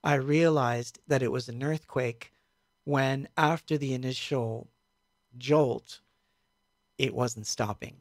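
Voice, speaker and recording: A man telling a story in a casual stream, speaking in a halting, reflective way with many fillers. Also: medium pitch, fairly even intonation, no room sound, studio quality. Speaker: musician recounting a tour.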